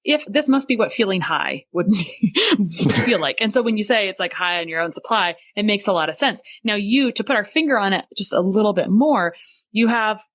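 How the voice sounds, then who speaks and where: A woman's voice: medium pitch, lively intonation, normal speed, fairly bright tone, no echo. A woman hosting a podcast interview, chatting and thinking aloud before she asks her question. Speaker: podcast host.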